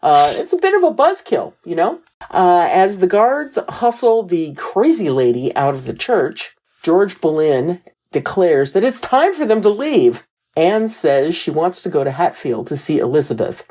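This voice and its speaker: A woman co-hosts a podcast and retells a TV episode with frequent laughs and blunt, casual swearing. Her voice is low and a bit husky, with a mellow tone that moves widely in pitch. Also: very animated, a little slow, rough recording. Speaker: podcast co-host. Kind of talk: casual recap and commentary.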